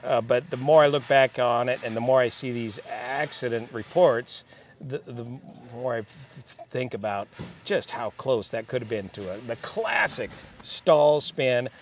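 An older man, an airline pilot being interviewed, telling stories of his flying career in a measured, reflective way. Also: medium pitch, a little hiss or hum. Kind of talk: relaxed storytelling.

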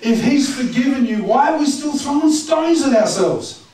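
Pastor preaching in an echoey hall. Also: male voice, extremely high pitch, lively intonation, normal speed, a little mellow. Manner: conversational, direct, asks the congregation questions. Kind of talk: sermon. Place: church hall. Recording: echoey church room from far off, faint noise.

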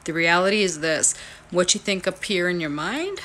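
A woman vlogging from home, rambling and exasperated, with many halting restarts. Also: fairly low pitch, lively intonation, sharp tone, a little hiss or hum. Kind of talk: casual ranting vlog.

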